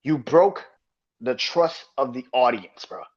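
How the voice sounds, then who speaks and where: A man's voice: mid-range voice, slow pace. A man hosting a podcast, ranting with heavy profanity and exasperated repetition. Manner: profane, exasperated, repeats himself. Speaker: podcast host. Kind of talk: heated wrestling rant. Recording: dull lo-fi recording.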